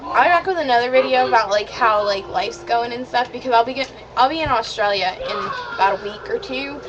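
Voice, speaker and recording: A teenage girl talks straight to her webcam, chatty and indignant, her voice sitting a little high. The built-in mic sounds dull and lo-fi, with a clear hiss underneath. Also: brisk. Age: teens. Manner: chatty, indignant, many "like" fillers. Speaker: vlogger. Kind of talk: casual chat to camera.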